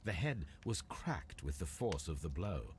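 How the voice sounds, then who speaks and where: A composed Victorian detective in a video game, his very low voice rising and falling freely as he delivers crisp, deliberate observations. Faint background noise sits under the lines. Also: very animated, a little mellow. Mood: measured. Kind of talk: scripted game dialogue.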